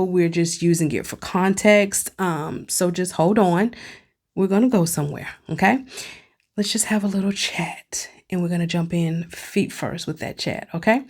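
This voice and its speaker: A woman hosting her own podcast, talking casually and expressively to her listeners, with frequent asides. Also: on the low side. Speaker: podcast host. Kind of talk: casual solo podcast talk.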